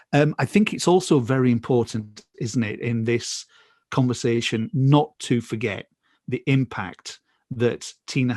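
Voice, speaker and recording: Gentle hesitant male host, dry sound. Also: medium pitch, dry recording. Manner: gentle, hesitant with many fillers. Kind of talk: hosting a memorial conversation.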